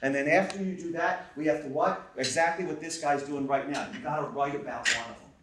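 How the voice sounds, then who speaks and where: A man giving an energetic seminar talk to a live audience, firing questions at the room in a quick, punchy way. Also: on the high side, very noisy. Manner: fast, punchy, asks the crowd questions. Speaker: presenter. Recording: echoey room recorded from a distance.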